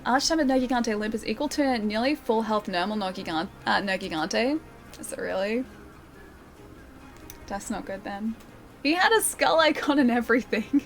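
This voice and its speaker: A young Australian woman streaming a video game, chatting casually, answering viewers and laughing often, with a soothing voice. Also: fairly high pitch. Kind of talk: casual live-stream chat while gaming.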